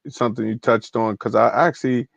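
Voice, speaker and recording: A man's voice: medium pitch, fairly even intonation, brisk, vocal fry, no echo. A man in casual discussion, speaking in a hesitant, questioning way over a dull, lo-fi, dry recording.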